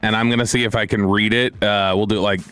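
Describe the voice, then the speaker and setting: A man's voice: fairly low pitch, fairly even intonation, fast, a bit bright, smooth, soft background music. A man co-hosting a radio show, skeptical and repeating himself as he reacts. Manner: skeptical, stumbles and repeats words. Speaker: radio co-host. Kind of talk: casual radio banter.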